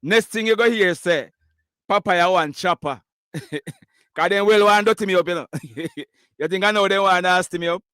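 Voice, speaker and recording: High-voiced Jamaican man hosting callers. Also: normal speed, pushed and bright, clear, resonant tone, dry recording, studio quality. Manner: laughs often, mixes patois and English. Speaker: live news show host taking callers. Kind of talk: casual call-in chat.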